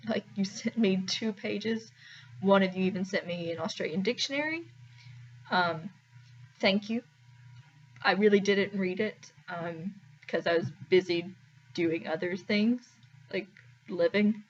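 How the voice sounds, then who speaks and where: A woman's voice: mid-range voice, highs cut off, slight background noise. A young woman vlogging to camera in a chatty, wry, self-deprecating way, full of "like"s. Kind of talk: casual talking-to-camera vlog.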